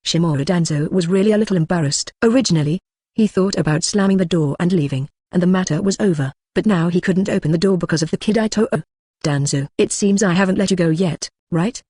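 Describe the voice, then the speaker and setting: Computer audiobook narrator, mid pitch, reads punctuation aloud, even delivery, dry sound. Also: no echo. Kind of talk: machine-read web novel narration.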